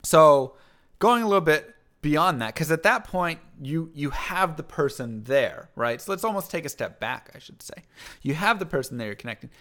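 A man talking in a casual conversation, energetic, often checking in with "right?" and acting out little quoted lines. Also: on the high side, normal speed.

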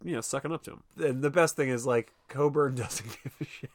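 Guy on a podcast retelling a movie plot, animated, swears a lot, acts out the lines, super dry close mic. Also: medium pitch, brisk, dry recording. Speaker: podcast co-host. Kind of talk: casual film recap chat.

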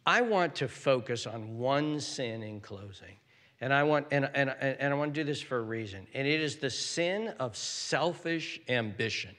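Older pastor preaching, hushed to fervent. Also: male voice, expressive, moderate pace, long reverb tail. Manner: emphatic, swings from hushed whispers to loud high-pitched exhortation. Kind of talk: sermon.

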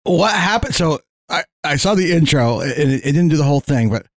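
A man's voice: a little high, brisk, dry recording. A man co-hosting a podcast, telling rambling stories in casual chat and swearing freely. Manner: swearing, rambling animated storyteller. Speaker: podcast co-host.

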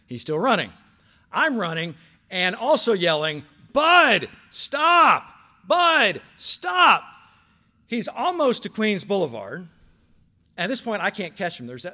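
An older man preaching a sermon, telling stories with big swings from quiet asides to shouted lines. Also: fairly high pitch. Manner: animated storytelling, swings from soft asides to shouting. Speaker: pastor.

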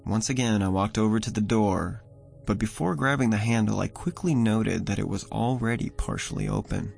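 A man narrating a first-person horror story in a measured, somber way. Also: fairly low pitch, very animated, creaky. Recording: voice over soft music.

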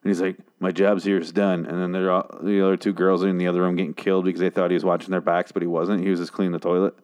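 A man with a fairly low voice rants through a TV episode recap in a casual, sarcastic way. He swears freely, sounds exasperated, and drops quick mocking voices for the characters. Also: little pitch movement, a little mellow, clear, resonant tone. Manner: sarcastic, profane, exasperated ranting; mimics characters in brief jokey voices. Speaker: podcast host reviewing a TV episode.

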